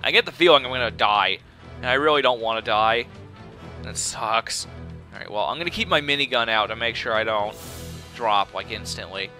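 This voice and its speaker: A young man giving excitable, panicky commentary while playing a shooter game. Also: mid-range voice, normal speed, soft background music. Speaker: let's play gamer. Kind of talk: casual gameplay commentary.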